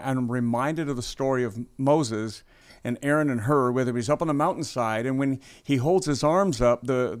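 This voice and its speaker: Man, medium pitch, pastor hosting a chat, conversational, playful. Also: clear, resonant tone. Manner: conversational, animated, playful asides. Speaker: pastor and podcast host. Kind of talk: casual interview conversation.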